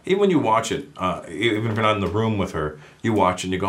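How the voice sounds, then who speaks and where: A man from Canada with a lowish voice, chatting as a guest comedian. He tells stories loosely and jumps up into bigger voices when he quotes himself. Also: fast talker. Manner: animated, acts out his own quotes in raised voices. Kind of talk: casual chat, storytelling.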